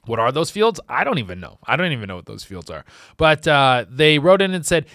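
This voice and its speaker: A man hosting a comedy podcast, telling a crude story in a rambling, animated way with restarts and sudden jumps in pitch. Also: fairly quick, no echo, studio quality.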